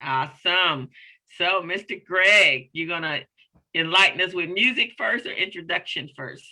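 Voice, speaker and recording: A woman's voice: on the low side, normal speed, pushed and bright, poor audio. A woman hosting an online community briefing on a video call, upbeat and promotional as she welcomes guests. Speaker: show host.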